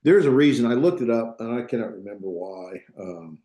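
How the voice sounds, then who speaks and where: In an echoey classroom, a man teaching Biblical Hebrew explains grammar point by point, reasoning aloud and stopping to check his students keep up. His voice is warm, mellow, expressive, and medium-pitched, bouncing a little off the walls.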